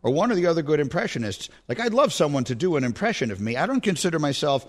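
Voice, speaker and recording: Animated male radio host, wry. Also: on the high side. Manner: animated, wry, speaks in lists with rhetorical pauses. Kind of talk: casual sports radio banter. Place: radio studio.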